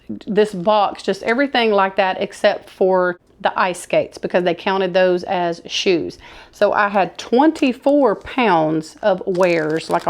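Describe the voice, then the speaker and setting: A woman, chatting enthusiastically to camera as she shows off her thrift haul. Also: medium pitch. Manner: chatty, enthusiastic, says y'all. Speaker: thrift vlogger showing a haul. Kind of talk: casual haul chat to camera.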